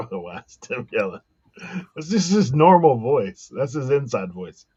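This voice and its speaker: A man's voice: mid-range voice, sing-song, measured pace, mellow, breathy edge. A man in a casual group chat, giving facts in a matter-of-fact way, heard over a dull lo-fi line. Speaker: co-host.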